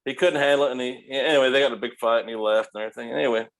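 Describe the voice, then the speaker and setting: Animated, profane male storyteller. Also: mid-range voice, rapid-fire. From United States. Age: middle-aged. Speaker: podcast guest, restaurant owner. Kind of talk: casual storytelling.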